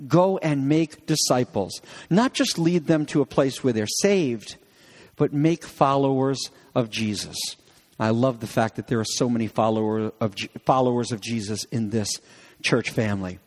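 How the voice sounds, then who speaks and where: A man's voice: medium pitch, normal speed, big-room sound. A man preaching a sermon as pastor, in a conversational way with frequent restarts, acting out lines of dialogue.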